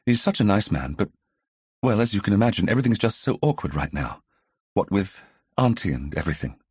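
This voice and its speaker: A man's voice: medium pitch, moderate pace, darkish tone, no echo, studio quality, pitched above the performer's own voice, natural voice. A man reading an audiobook, voicing an anxious, frightened young woman who talks hesitantly. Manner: hesitant, breathy half-whisper. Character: nervous, anxious young woman, village heiress.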